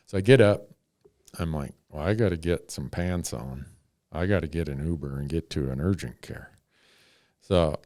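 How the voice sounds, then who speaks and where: A man's voice: low-pitched, warm tone, smooth, no echo, studio quality. A middle-aged man, a podcast host, telling a story in a laid-back, wry way. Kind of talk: casual storytelling.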